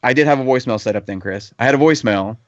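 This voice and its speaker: A man's voice: medium pitch, very fast, no echo. Guy in his 30s ranting through a story, swears a ton, dry dull lo-fi sound. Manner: profane, heated anecdote-telling. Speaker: podcast panelist. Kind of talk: casual storytelling chat. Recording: slightly dull lo-fi podcast audio.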